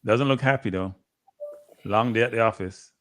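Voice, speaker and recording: A man's voice: on the low side, moderate pace. A man co-hosting a live football watchalong, casually chatting in blunt, short, dry remarks. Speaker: watchalong co-host.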